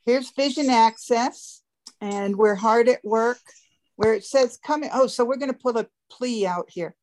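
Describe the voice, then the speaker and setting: Woman, fairly high voice, chatty, explains step by step, conference call. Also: a little slow, darkish tone. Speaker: webmaster giving a site tour.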